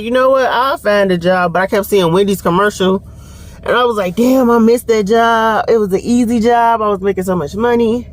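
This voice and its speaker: A young woman tells a story in a casual vlog, animated, laughing and quoting others as she goes. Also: fairly high pitch. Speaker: vlogger. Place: home and car.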